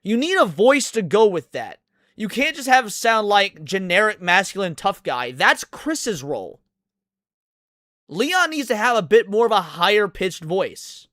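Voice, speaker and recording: A man's voice: high voice, sing-song, unhurried, bright, forceful tone, no room sound. A male streamer ranting through a reaction video, swearing constantly. His voice rises and falls a lot, and the recording is dry and close. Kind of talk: profane reaction commentary.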